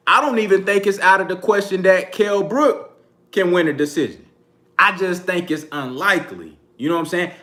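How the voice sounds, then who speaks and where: A man in talks boxing on a live stream in a loose, slangy, laid-back way, often breaking into laughter. His voice sits a little high and rings very bright. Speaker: boxing channel host. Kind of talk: casual live-stream commentary.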